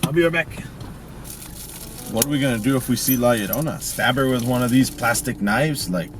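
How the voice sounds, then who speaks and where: A man's voice: medium pitch, brisk, noisy background. Laid-back rambling man telling a tale. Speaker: co-star in a comedy sketch. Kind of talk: casual storytelling.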